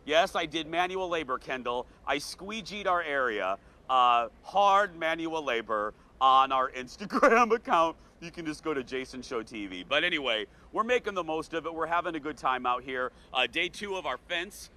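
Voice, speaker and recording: A man from the American South hosting a morning TV show outdoors at a fair, earnest and emotional, speaking slowly. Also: fairly high pitch, animated, bright, forceful tone. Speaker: TV show host. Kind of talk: morning TV chat. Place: outdoor state fair set.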